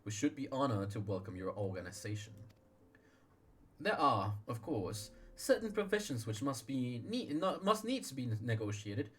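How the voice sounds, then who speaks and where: A man voicing a stiff, courtly male guild emissary who speaks slowly and formally. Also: mid-range voice, big pitch swings, fairly bright tone, breathy edge. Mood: courteous. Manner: slow, measured formal speech.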